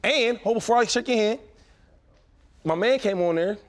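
A former pro football player in his thirties tells stories in a casual chat, his voice sitting high. He uses slang, restarts quickly, and is very animated.

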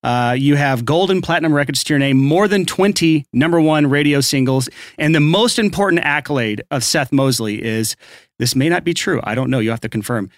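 A man hosting a casual podcast, teasing his co-host and hyping up his guest. His voice sits a little higher than most men's. The sound is dry and close, with no room in it. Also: brisk, no room sound. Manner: playful, teasing hype-man.

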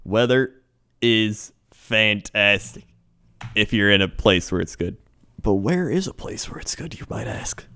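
A man delivers mock weather and sports reports in a laid-back, joking podcast banter. His voice sits fairly low. His delivery stays easygoing and casual throughout. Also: sing-song, moderate pace, vocal fry, a bit bright. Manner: laid-back, joking, frequent laughs and fillers.

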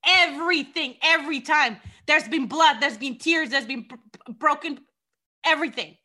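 A woman's voice: high voice, moderate pace, bright, forceful tone. Passionate woman with a Mexican accent. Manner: passionate, fired up, repeats herself. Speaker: wrestling champion guest. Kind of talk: interview.

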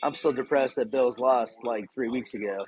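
A man's voice: medium pitch, steady tone, moderate pace, rough recording. Laid-back chatty man guest. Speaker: fan club chapter president, guest. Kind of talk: casual chat.

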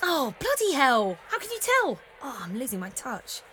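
An actress playing a jumpy, cheeky young woman, talking in a hushed, nervous way. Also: high voice, wildly swooping pitch, normal speed, a little hiss or hum, heavily acted.

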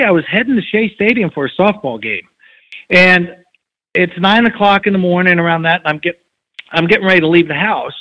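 Animated male storyteller on a lo-fi line. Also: sits high. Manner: animated, acts out quoted dialogue. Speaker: guest. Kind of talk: casual storytelling interview.

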